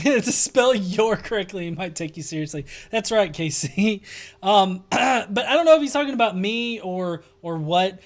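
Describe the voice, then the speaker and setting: A man's voice: high voice, expressive, moderate pace. A young man hosting a live stream, reading viewer comments aloud and mocking them with laughter and constant swearing. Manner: profane, laughing, sarcastic. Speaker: show host.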